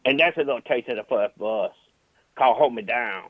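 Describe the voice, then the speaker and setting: A man's voice: mid-range voice, fairly quick, lightly acted. Guy playing a bragging rocker caller, stumbles over words, phone-line sound. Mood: flattering. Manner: rambling, stammering, flattering. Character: boastful rambling male rock musician caller. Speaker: caller, a rock musician.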